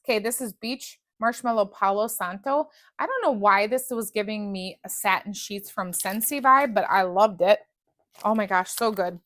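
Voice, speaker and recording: A woman's voice: medium pitch, moderate pace, fairly bright tone, no room sound. A woman reviewing scented wax melts in a casual, chatty way, gushing and often restarting her sentences. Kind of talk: casual product review chat.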